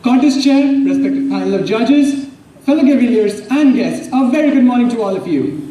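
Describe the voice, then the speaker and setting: A young man delivering a prepared humorous contest speech with animated, punchline-driven timing, recorded from far off in a large echoey hall. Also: very high-pitched, moderate pace. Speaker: contest speaker. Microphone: far from the mic.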